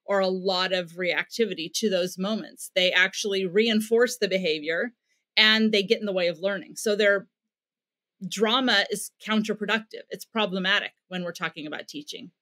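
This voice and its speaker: A woman's voice: mid-range voice, normal speed, a bit bright. A middle-aged American woman, a parenting expert, explaining her ideas in an interview with concrete examples and emphatic repetition. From United States. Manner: teacherly, builds points with examples and emphatic repetition.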